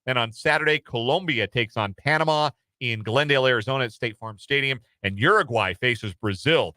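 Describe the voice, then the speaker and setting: A man's voice: on the low side, pushed and bright, no room sound. A man hosting casual sports talk radio in a studio, rambling and self-deprecating with lots of fillers. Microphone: studio microphone.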